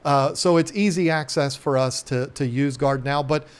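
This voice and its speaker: A man's voice: a little high, normal speed, clear, resonant tone. A middle-aged man hosting a casual live stream, rambling and joking with many ums and restarts. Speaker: live stream host, aquarium shop owner.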